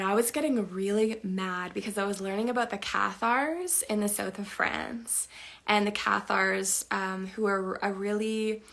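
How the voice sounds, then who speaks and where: A woman's voice: mid-range voice, vocal fry, a bit bright. A young woman sharing a personal story in a chatty, emotional way, full of fillers. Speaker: spiritual teacher.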